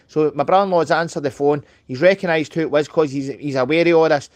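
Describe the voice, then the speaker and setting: A middle-aged Scottish man hosting a live stream, telling a rambling story fast and swearing freely. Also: on the high side, darkish tone, no echo. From Scotland. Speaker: livestream host. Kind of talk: casual chat on a live stream.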